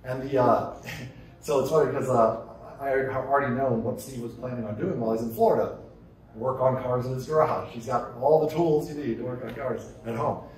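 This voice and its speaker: A man delivers a conference keynote at a brisk clip, tossing rhetorical questions to the crowd. His voice rings around a large, echoey hall. The mic sits some way off. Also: mid-range voice, recorded from a distance. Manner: energetic, conversational, asks rhetorical questions. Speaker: keynote speaker.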